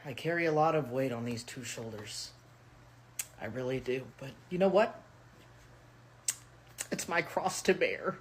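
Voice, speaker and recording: A social media creator doing a sarcastic, mocking monologue in a short video, with big swings between high and low. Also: expressive, a little slow, long pauses.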